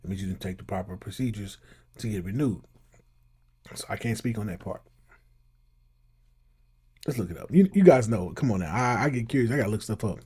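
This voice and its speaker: A man's voice: on the low side, animated, a little fast, long pauses, darkish tone, husky. A man hosting his own channel, giving emphatic casual commentary and reacting to clips. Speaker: channel host.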